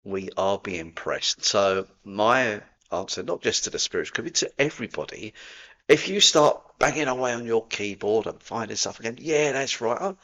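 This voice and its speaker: A man's voice: mid-range voice, lively intonation, moderate pace, a bit bright, highs cut off. A man from London with a Cockney accent, talking casually to camera in a chatty, rambling way with frequent laughs. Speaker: spiritual vlogger.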